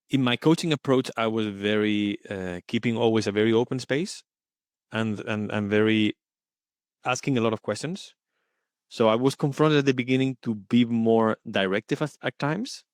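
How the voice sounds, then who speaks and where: A man speaking as the guest in an interview, earnest and thoughtful, often pausing to search for his words. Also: medium pitch, clear, resonant tone, no room sound, studio quality. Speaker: guest coaching supervisor. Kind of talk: reflective interview talk.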